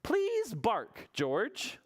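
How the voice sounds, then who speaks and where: Sing-song mother dog, as a woman puts her on, high and coaxing, slow. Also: wildly swooping pitch, no echo, heavily acted.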